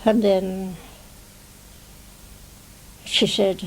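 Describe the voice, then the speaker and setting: Slow gravelly English woman in her nineties. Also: mid-range voice, steady tone, dark tone, rough recording. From England. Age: 90s. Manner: rambling, fond of "you see". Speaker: interviewee, retired stage actress. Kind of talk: reminiscing interview. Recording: 1990 television interview.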